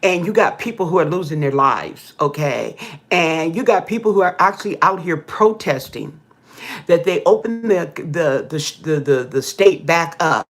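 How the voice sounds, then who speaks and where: A woman vlogger telling stories in casual chat to her viewers, animated, whooping and laughing often, checking in with "okay?" as she talks. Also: low-pitched, normal speed. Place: indoor room with pink walls.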